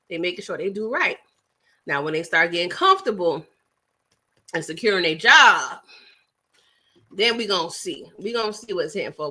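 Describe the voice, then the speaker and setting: A livestream host from New York City, bright-voiced and mid-range in pitch, reads through her viewer chat in a casual session. She stays chatty and animated, snacking, laughing frequently, and slipping in asides to the people watching.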